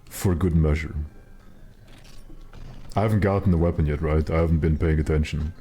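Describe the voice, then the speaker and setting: Deep, mellow-voiced man streaming a game. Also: steady tone, normal speed, soft background music. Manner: chatty, wry, self-mocking asides. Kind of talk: casual live gameplay commentary.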